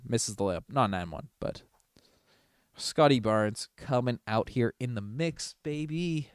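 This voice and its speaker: Excitable male fan streamer calling a game. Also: medium pitch, normal speed, clear, resonant tone, no room sound, clean studio sound. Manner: excitable, swings from mumbling to shouting. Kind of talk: casual fan livestream commentary. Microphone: desk microphone.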